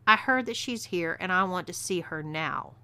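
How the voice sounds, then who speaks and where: Woman doing a rough Texan bounty hunter man. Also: on the low side, animated, moderate pace, pushed and bright. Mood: menacing. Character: rough male bounty hunter, menacing and crude.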